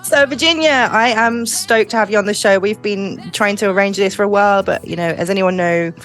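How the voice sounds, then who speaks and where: A woman's voice: medium pitch, fairly quick, a bit bright, soft background music. A young woman with a Birmingham accent hosting a podcast, chatting casually and joking with her guest. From England. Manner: chatty, jokey, laughs often. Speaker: podcast host. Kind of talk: casual interview chat.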